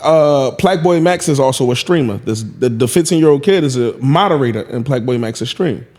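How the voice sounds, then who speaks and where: A man's voice: medium pitch, lively intonation, normal speed, darkish tone. A man hosting a casual podcast, telling a story in a laid-back way and acting out the back-and-forth. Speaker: podcast host.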